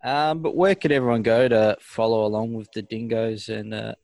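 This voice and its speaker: A man's voice: on the low side, fairly even intonation, moderate pace, creaky, darkish tone, no echo. A man co-hosting a casual podcast, telling stories in an easygoing way. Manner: easygoing storyteller. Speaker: podcast co-host.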